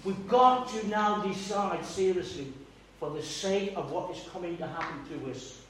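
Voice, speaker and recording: Older male pastor, lively sermon storyteller; distant mic, very echoey church. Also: high voice, moderate pace, background noise. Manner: animated storytelling, asks the congregation questions. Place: church hall.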